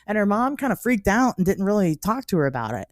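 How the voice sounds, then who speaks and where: A woman in her thirties hosting a podcast, telling stories in a casual, animated way with frequent laughs and many "like" fillers. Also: mid-range voice, fast talker, dry recording, clean studio sound. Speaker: podcast host. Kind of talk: casual storytelling chat.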